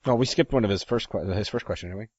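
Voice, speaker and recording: Laid-back low-voiced male co-host. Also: racing, no echo, highs cut off. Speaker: podcast co-host. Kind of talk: casual chat.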